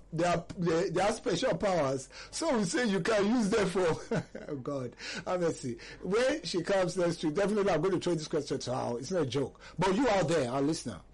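A middle-aged Nigerian man hosts a call-in radio show in a slightly husky, fairly high voice. He talks in an animated, chatty way, laughing easily and circling back over his words. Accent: Nigerian English. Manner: animated, chatty, laughs often, repeats himself. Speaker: radio host.

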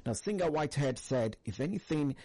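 A man's voice: on the high side, animated, fairly quick, dark tone, dry recording. A man hosting a casual talk about a song, rambling along with lots of fillers and correcting himself as he goes.

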